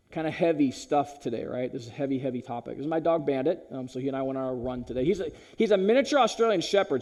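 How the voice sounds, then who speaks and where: A man giving a talk at a school chapel, animated and direct, swinging between loud punchy lines and low hushed ones, calling the listeners "you guys". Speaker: chapel speaker.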